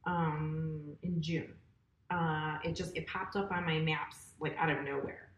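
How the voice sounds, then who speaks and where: A woman's voice: sits low, steady tone, unhurried, muffled recording, slight background noise. A middle-aged woman telling personal stories in a casual chat. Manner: storytelling, chatty with laughs. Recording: echoey room.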